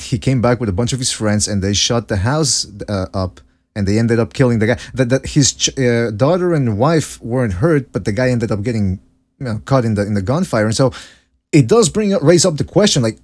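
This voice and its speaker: A man's voice: mid-range voice, expressive, brisk, a little mellow. A man co-hosting a casual boxing podcast, telling a story in a rambling way with frequent restarts. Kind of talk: casual chat.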